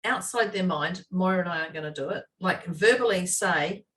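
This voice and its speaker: A woman's voice: fairly low pitch, fairly quick, fairly bright tone, recorded from a distance. A woman co-hosting a casual chat podcast, talking animatedly and acting out the voices of people she quotes, with frequent laughter. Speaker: podcast co-host.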